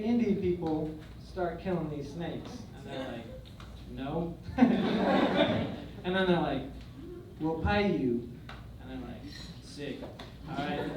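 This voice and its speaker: A young male comedian telling crude, swaggering stories in a stand-up set, swinging between loud and quiet. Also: high voice, highs cut off, noisy background. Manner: crude, swaggering storytelling with big swings in loudness. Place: comedy club stage. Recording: echoey club recording from far off. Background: audience laughter.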